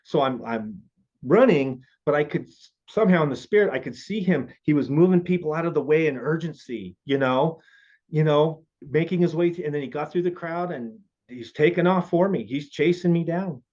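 A man's voice: fairly high pitch, normal speed, a little mellow. Earnest man telling a testimony, lo-fi. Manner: earnest, emotional storytelling. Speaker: guest. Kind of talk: personal faith testimony. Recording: dull lo-fi audio.

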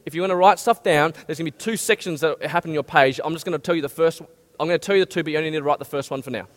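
A male pastor preaching a lively sermon and asking his listeners many questions. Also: fairly high pitch, racing. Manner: animated, asks the audience many questions. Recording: long hall reverb.

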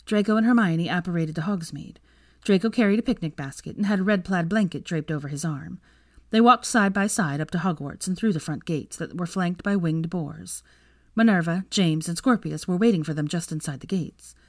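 A woman narrating a fanfiction audiobook with a steady, measured reading. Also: on the low side, no echo, studio quality. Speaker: fanfiction reader.

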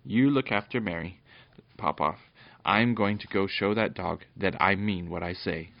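A man's voice: low voice, moderate pace, vocal fry, dry recording, muffled recording. A man reading a storybook aloud, voicing a brave, insistent small boy. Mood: bold. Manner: bold, insistent.

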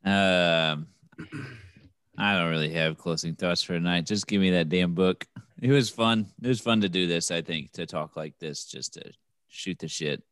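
A man's voice: low-pitched, moderate pace, a bit bright, clean tone, dry recording, studio quality. A man co-hosting a casual podcast chat, blunt and easygoing with his jokes. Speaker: podcast co-host.

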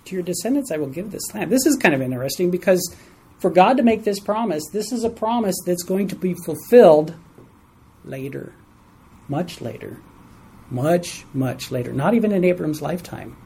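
A man's voice: high voice, expressive, moderate pace, dark tone, slightly rough, poor audio. A man leading a Bible study lesson for a small group in a room, stressing key words and asking the group questions.

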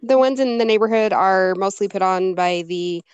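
A woman's voice: mid-range voice, moderate pace, clean tone, no room sound. A woman with a mid-range voice, recorded dry and close. She chats as a podcast co-host in a thoughtful, slightly hesitant way. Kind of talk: casual chat.

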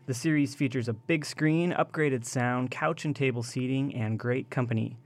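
A man hosting the show, reading a scripted promo in a smooth announcer manner. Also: medium pitch, moderate pace. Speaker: radio show host.

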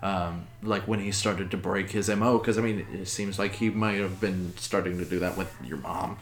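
A man with a low voice hosts a casual podcast, stumbling and restarting as he sets up questions for his co-host. A faint hum of ambient noise sits behind him. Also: steady tone. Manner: halting, restarts and prompts questions. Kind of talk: casual chat.

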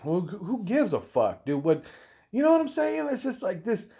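A young man ranting hotly and profanely, stumbling over repeated words and jumping up in pitch when he gets worked up. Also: very animated, fairly quick, dark tone. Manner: heated, swearing, repeating himself, rising pitch when worked up.

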